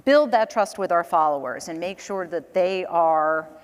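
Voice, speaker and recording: A woman's voice: fairly low pitch, lively intonation, a little slow, in a large hall. Chatty woman on a conference panel. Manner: chatty storyteller, laughs between points. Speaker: panel guest, communications director. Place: conference stage.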